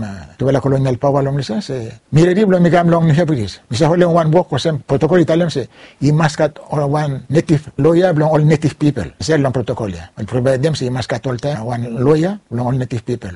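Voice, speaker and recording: A man with a Ni-Vanuatu Bislama accent recounting his life story in an interview, halting and slipping between Bislama, English and French. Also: mid-range voice, warm tone, slightly rough, no room sound.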